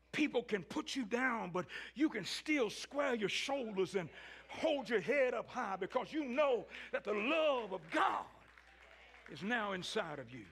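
A man preaching a sermon, swinging between shouted peaks and low, quiet stretches. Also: gravelly, slightly rough. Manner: rising to shouts, then dropping low.

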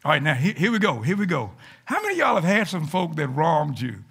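A man, a pastor, preaching a folksy, animated sermon to his congregation in church, sometimes rising to shouts. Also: a little high, fairly quick, vocal fry, husky. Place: church sanctuary.

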